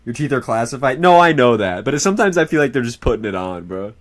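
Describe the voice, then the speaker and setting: A man's voice: mid-range voice, sing-song, fast talker. A young man streaming, chatting casually in a rambling, profane way and laughing often.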